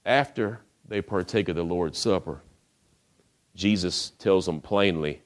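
Low-voiced male preacher, casual storyteller who asks his listeners questions. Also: a little slow. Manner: storytelling, rhetorical questions, casual modern phrasing. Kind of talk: sermon.

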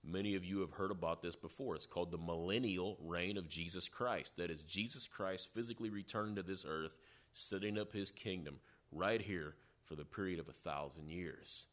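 Man pastor with a really low voice, steady sermon delivery. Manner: measured preaching.

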